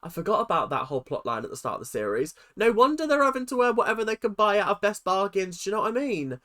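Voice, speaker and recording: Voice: mid-range voice, big pitch swings, quick pace, sharp tone. A reaction video host giving chatty, rambling commentary, laughing often and swearing casually.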